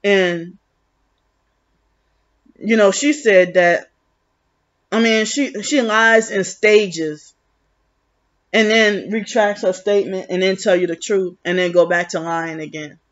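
A woman's voice: medium pitch, takes it slowly, pauses often. A woman vlogging in a rambling, agitated, accusatory monologue, full of restarts. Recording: muffled lo-fi recording.

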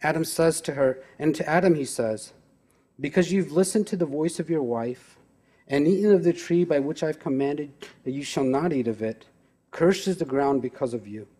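Preaching pastor with a mellow voice. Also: male voice, fairly high pitch, moderate pace, husky. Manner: preaching with emphatic rhetorical questions. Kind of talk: sermon. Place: church.

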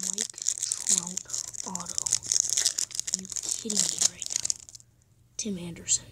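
A woman whispering excitedly over crinkling card packs. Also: mid-range voice. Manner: often hushed and whispery, excitable. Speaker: channel host. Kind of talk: card-pack opening vlog. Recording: noisy with crinkling wrappers. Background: tearing and crinkling card packs.

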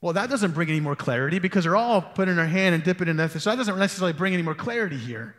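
A man's voice: high-pitched, expressive, very fast, fairly bright tone, long reverb tail. A man preaching a sermon as pastor, telling stories in a loose, conversational way. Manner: conversational storytelling with asides. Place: church hall.

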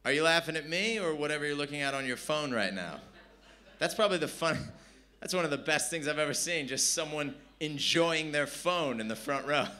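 A man's voice: on the high side, animated, a little fast, bright, forceful tone. A man from San Diego, performing brash, profane stand-up with crowd work at a live comedy venue. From San Diego, California.

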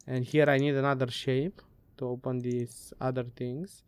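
A woman's voice: a bass voice, flat delivery, moderate pace, a little mellow, clean tone. A woman playing a puzzle game and giving let's play commentary, muttering, swearing and laughing to herself. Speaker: gamer.

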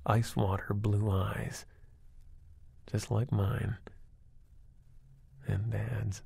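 Gravelly-voiced man reading a wry tale. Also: lowish voice, mellow, no room sound. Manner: wry, conversational first-person storytelling. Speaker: narrator. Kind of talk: audiobook reading of a horror story.

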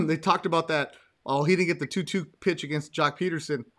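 A man chatting about baseball on a podcast, animated and quick to jump in with his own stories. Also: on the high side. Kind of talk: casual sports chat.

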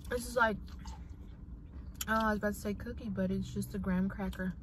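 A woman co-hosting a casual nighttime mukbang from a parked car, describing the food in a slow, drawn-out way. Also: mid-range voice, steady tone, slight background noise. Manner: slow, drawn-out, savoring commentary. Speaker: mukbang co-host.

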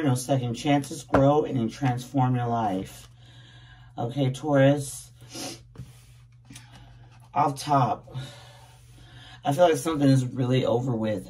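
A woman's voice: very deep voice, darkish tone, far from the mic. Groggy just-woken woman reading tarot. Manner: chatty, laughing, calls viewers babies and loves. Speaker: tarot reader. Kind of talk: casual tarot reading to camera.

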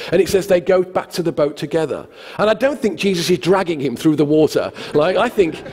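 A man's voice: on the high side, husky, long reverb tail. A man, a pastor preaching a sermon, telling the stories conversationally and acting out the quotes. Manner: conversational, animated storytelling with acted quotes. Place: church hall.

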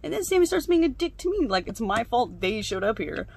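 A woman's voice: on the high side, very animated, a little fast, gravelly, husky. A young woman chatting casually while she crafts, venting and swearing freely. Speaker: craft vlogger.

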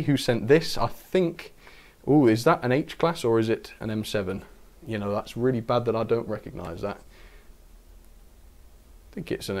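Guy on a train stream, chatty and upbeat, mid pitched voice. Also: a little mellow. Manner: chatty, upbeat, thanking viewers with fillers and asides. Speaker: host of a model train live stream. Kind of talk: casual live-stream chat. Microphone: camera-mounted microphone.

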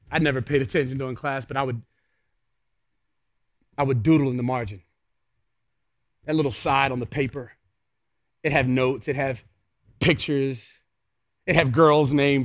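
A young adult male pastor preaching a sermon, swinging between hushed words and shouted peaks. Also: medium pitch.

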